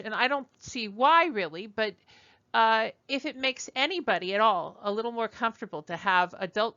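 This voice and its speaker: A woman teaching a French class, slow and patient, modeling sounds for students to repeat. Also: medium pitch, bright, forceful tone, smooth, no echo, highs cut off. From United States. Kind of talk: classroom lesson.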